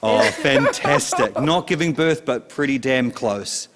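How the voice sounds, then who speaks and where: Man, upbeat awards host, playful announcer, mid-pitched voice with a long echo tail. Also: animated, unhurried, very noisy. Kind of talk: hosting an awards ceremony.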